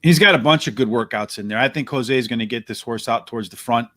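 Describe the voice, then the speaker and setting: A man hosting a horse racing preview, walking through post positions, pace and jockeys in a brisk, analytical way. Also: medium pitch, a bit bright, no echo. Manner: brisk, analytical, addresses co-host by name. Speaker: racing handicapper host.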